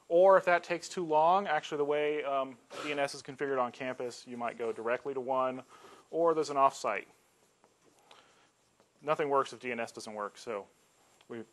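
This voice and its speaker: A man giving a casual technical lecture, relaxed and joking, with frequent ums. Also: mid-range voice. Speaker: campus IT staff giving a colloquium talk.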